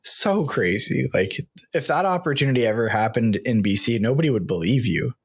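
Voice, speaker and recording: A man with a mid-range voice talks casually as a podcast host. He tells his stories with animated, excitable energy. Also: mid-range voice, fairly quick, breathy edge. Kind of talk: casual conversation.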